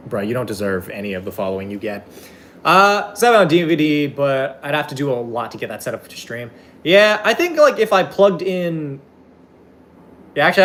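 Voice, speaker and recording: Excitable young man streaming with lively pitch. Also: slight background noise. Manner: profane, rambling, excitable, jumps between topics. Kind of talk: casual live-stream chat reading viewer comments.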